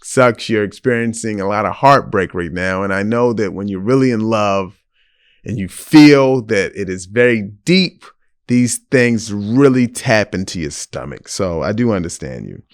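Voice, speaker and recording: A man's voice: lowish voice, unhurried, clean tone. A man hosting a casual advice podcast, frank and blunt as he answers a listener's letter. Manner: blunt, frank, lively delivery. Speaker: podcast host giving advice.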